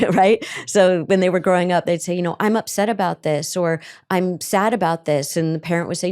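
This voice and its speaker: A middle-aged woman therapist answering questions on a podcast, animated and acting out the voices she quotes. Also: fairly low pitch, normal speed, hardly any pauses.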